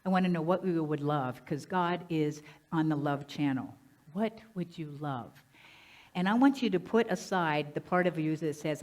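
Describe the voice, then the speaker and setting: A woman minister giving a lively, conversational sermon, often asking the congregation questions. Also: lowish voice, measured pace. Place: church sanctuary.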